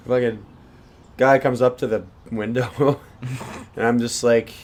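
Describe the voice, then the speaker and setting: A man's voice: medium pitch, fairly even intonation, takes it slowly, long pauses, darkish tone, slight background noise. A young man co-hosting a casual podcast, telling a rambling story with swearing and laughs. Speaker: podcast co-host. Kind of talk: casual chat.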